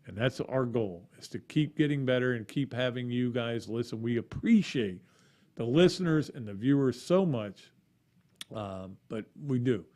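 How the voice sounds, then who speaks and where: A man's voice: mid-range voice, animated, normal speed, a little mellow. A middle-aged man hosting a casual sports podcast, talking in a chatty, rambling way with restarts and asides. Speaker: podcast host.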